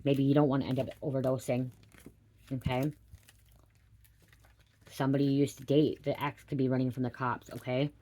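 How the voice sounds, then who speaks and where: A woman giving a spiritual reading, rambling and swearing casually, ending almost every sentence with a quick "okay?". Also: extremely low pitch, flat delivery, warm tone. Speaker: tarot reader.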